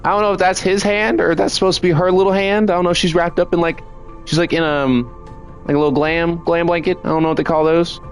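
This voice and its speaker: A young man giving casual, excitable let's play commentary, swearing freely as he plays. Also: on the high side, fast, soft background music. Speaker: gamer.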